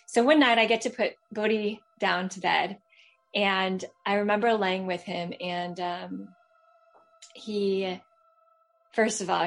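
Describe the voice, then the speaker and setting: A woman's voice: on the low side, vocal fry, a bit bright. A woman in her thirties from Los Angeles, telling a personal story in a chatty way, full of fillers and restarts. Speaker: caller telling a true ghost story. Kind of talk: casual storytelling.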